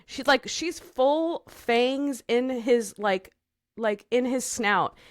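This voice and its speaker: A woman's voice: on the high side, lively intonation, slow, no echo, studio quality. A young woman co-hosting a podcast, chatting casually in a frank, emphatic way. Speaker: podcast co-host. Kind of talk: casual chat.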